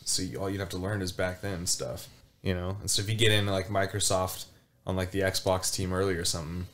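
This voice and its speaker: Deep-voiced rambling man. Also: steady tone, a little fast, fairly bright tone. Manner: rambling, filler-heavy. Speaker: podcast co-host. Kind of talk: casual chat.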